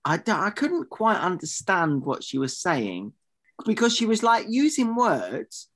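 A man's voice: sits high, very animated, unhurried, a bit bright. A man co-hosting a comedy podcast, rambling and arguing indignantly. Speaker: podcast co-host.

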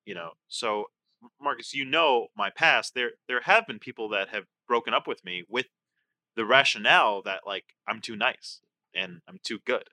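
A young man co-hosting a podcast, chatting casually and openly, animated and emotional. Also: mid-range voice, normal speed, dry recording. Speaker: podcast co-host.

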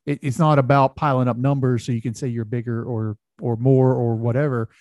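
A man's voice: mid-range voice, fairly even intonation, a little fast, darkish tone, dry recording. A man hosting a podcast interview, enthusiastic and praising, often restarting and repeating words. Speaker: podcast host.

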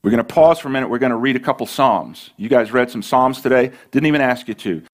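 A man preaching a sermon as pastor, earnest and emphatic, slowing down and pausing for dramatic weight. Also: medium pitch.

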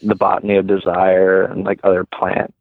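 A man talking as a guest, telling a story casually with many "like"s and lively retellings. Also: low voice, normal speed, gravelly, no room sound. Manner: heavy use of "like", lively retelling. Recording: tinny phone line, dry.

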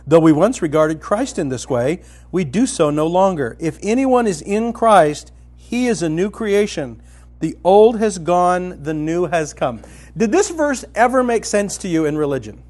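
A man teaching from the Bible in a conversational, colloquial style, telling the story vividly and swinging from loud to hushed. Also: high-pitched, sing-song, a little slow. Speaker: preacher.

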